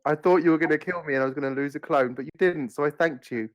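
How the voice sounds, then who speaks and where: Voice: mid-range voice, fast talker, rough recording. A player in a tabletop game speaking in a mock-dramatic, teasing way.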